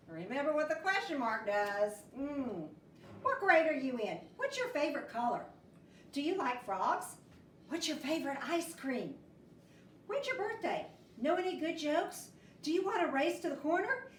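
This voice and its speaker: A woman first grade teacher reading a picture book aloud to children, with animated, expressive voices. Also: high-pitched, a little slow, reverberant, far from the mic, slight background noise.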